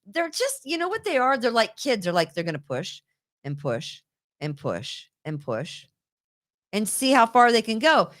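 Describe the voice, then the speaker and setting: A woman with a fairly high pitch runs a casual political talk show, animated and prone to laughter. She tends to repeat words as she goes.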